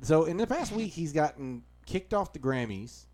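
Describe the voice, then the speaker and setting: A man's voice: on the high side, normal speed, crowd noise. A man co-hosting a comedy podcast, reading news stories aloud in casual chat and laughing between lines. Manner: laughs while reading, deadpan asides. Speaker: podcast co-host.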